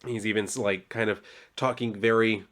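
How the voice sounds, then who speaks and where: A man's voice: lowish voice, fairly even intonation, moderate pace, a bit bright. Casual, rambling male comic book reviewer. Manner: loose and conversational, full of "like" and asides, riffing and exasperated. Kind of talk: casual video commentary.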